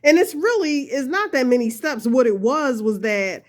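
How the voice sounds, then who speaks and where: A woman's voice: high-pitched, lively intonation, moderate pace. Chatty woman hosting a crochet lesson. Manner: chatty, frequent laughter, self-deprecating; addresses viewers as y'all. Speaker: crochet tutorial host. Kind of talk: casual talk-through tutorial.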